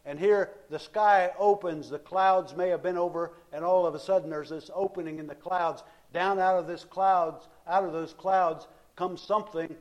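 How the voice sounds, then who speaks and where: A male preacher delivering a sermon in a slightly higher-pitched voice. He narrates like a storyteller, often repeating words and restarting phrases as he goes.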